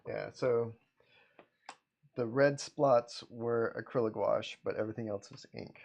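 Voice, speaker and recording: Speaking at a measured pace with some vocal fry, a man who is a comic artist runs a casual livestream. He greets chat members by name, chuckles a lot and keeps things easygoing in a mid-range voice.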